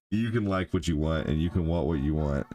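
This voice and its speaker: Low-voiced older man streaming a game. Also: warm tone. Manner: rambling, heavy on "you know" and "like". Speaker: gaming streamer. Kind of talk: live gameplay stream chat.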